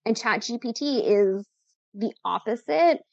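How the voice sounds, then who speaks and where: A woman's voice: fairly high pitch, expressive, a little slow, gravelly, darkish tone, no echo. Chatty upbeat woman, slightly muffled. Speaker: podcast guest, content coach. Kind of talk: casual interview chat.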